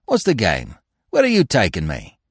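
A man's voice: sits low, huge pitch swings, normal speed, husky, no room sound, clean studio sound, full character voice. A man voicing cheeky young pickpocket. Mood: indignant. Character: young male London pickpocket, cheeky and protesting.

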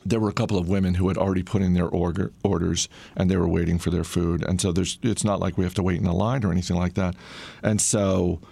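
Middle-aged male storyteller, low and gravelly, dry close sound, laid-back anecdote delivery. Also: fast talker, no echo. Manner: relaxed, conversational, frequent "uh" fillers. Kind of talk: casual personal storytelling.

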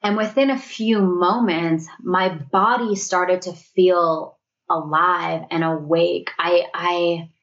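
A woman guest talks through a personal story in an earnest, reflective conversational tone, her voice sitting low for a woman. She often slips into quoting what she thought back then. The recording sounds a little dull and lo-fi. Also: fairly even intonation, takes it slowly, fairly bright tone.

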